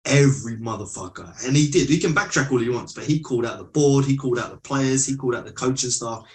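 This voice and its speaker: A man's voice: medium pitch, quick pace. A man co-hosting a casual football podcast, blunt and profane. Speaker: podcast co-host. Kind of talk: casual chat.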